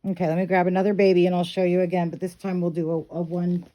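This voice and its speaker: A woman's voice: lowish voice, little pitch movement, fast, hardly any pauses, mellow, dull audio. A middle-aged woman casually explaining step by step how to style a doll's hair, chatty and instructive, checking in often with "okay". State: hiccups. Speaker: reborn doll hair tutorial host.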